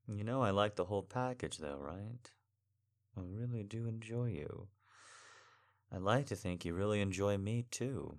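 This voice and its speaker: Brief: young man, low voice, unhurried and tender, sighing boyfriend role-play, lively swings in pitch. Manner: soft, tender and reassuring, with frequent sighs. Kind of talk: intimate audio role-play.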